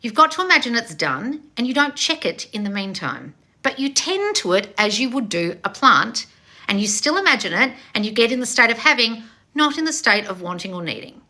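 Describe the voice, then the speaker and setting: A woman manifestation coach on a live stream, loud and passionate, blunt and confrontational, swearing freely and calling listeners darling. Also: on the high side, sing-song, brisk. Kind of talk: live-streamed coaching with read-out viewer questions.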